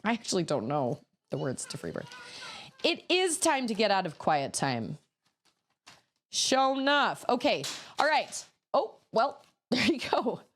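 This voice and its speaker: Woman, casual stream chatter, self-talking, slightly rough voice, slow. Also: medium pitch, big pitch swings, fairly bright tone. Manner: chatty, rambling, self-talking while building. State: voice a little rough from camp. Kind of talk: casual livestream chat.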